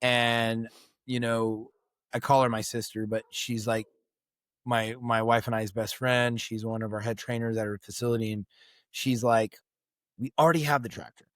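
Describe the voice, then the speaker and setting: A middle-aged veteran man spins a loose, profane anecdote as a podcast guest. His voice sits at an ordinary pitch, and he jumps into the voices of the people he quotes. The sound is close and dry, with no room around it. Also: level tone, normal speed, dry recording. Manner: swears freely and acts out quoted voices. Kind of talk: casual storytelling chat.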